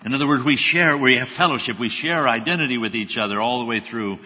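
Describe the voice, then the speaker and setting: A man preaching a sermon in an earnest way. His voice rises with intensity, then drops to hushed, humble tones when he quotes scripture. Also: mid-range voice, quick pace, few pauses, breathy edge. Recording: long reverb of a large hall.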